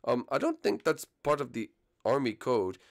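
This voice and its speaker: A man hosting a Minecraft role-play, talking in quick, exasperated asides. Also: medium pitch, big pitch swings, vocal fry. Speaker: channel host.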